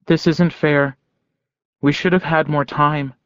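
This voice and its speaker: A male narrator voicing an earnest young man who speaks softly and pleadingly. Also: fairly high pitch, fairly even intonation, slow pace, clear, resonant tone, no room sound, pitched above the performer's own voice. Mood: fierce. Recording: dull, dry lo-fi recording.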